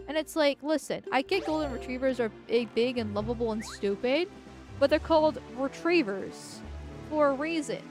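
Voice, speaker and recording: High-voiced woman ranting while gaming. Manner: crude, rambling, swears a lot. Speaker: streamer. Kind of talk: gameplay commentary.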